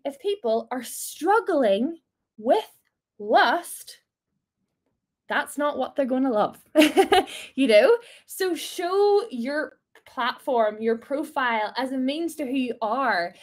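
High-voiced playful woman in her twenties. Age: 20s. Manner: playful, laughing, encouraging. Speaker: small group leader. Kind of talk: casual faith talk to a group.

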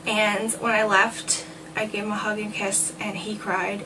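A woman's voice: medium pitch, little pitch movement, unhurried. Chatty woman vlogger, mic set far back. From New Jersey. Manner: chatty, rambling, quotes people in voices. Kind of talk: casual storytelling vlog. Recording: distant mic with noticeable background noise.

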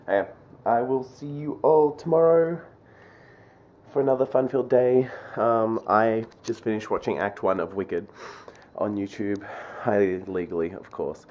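A man's voice: fairly low pitch, highs cut off, a little hiss or hum. Chatty man vlogging with his dog. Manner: chatty, playful when talking to his dog. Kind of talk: casual daily vlog.

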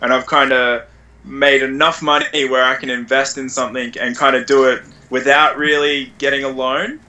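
A man's voice: mid-range voice, moderate pace. A man co-hosting a podcast, talking casually and loosely with lots of fillers. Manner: relaxed, filler-heavy talk. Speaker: podcast co-host. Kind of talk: casual chat.

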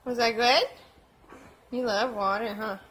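Young mom vlogging, high and unhurried. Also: female voice, steady tone, fairly bright tone. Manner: talks to her baby in a high sing-song voice. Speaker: vlogger, mother. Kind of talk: casual home vlog chat. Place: home, indoors. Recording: noisy home video audio.

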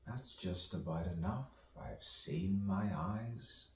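A man's voice: deep voice, animated, takes it slowly, darkish tone, roomy sound, distant mic, slight background noise. A man, a poet and actor, performing an improvised spoken-word soliloquy with dramatic swings between whispers and sudden outbursts.

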